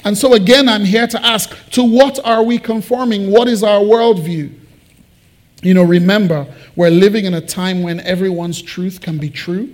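A man preaching a sermon to his church, conversational and animated, with joking asides. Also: sits high, normal speed. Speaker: pastor. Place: church building.

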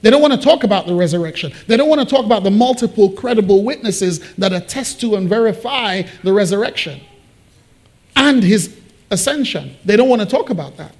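A man preaching a sermon, explaining Bible verses and acting out the quotes with lively swings in his voice. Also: brisk. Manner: animated, acts out Bible quotes with big pitch swings. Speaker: pastor. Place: church hall.

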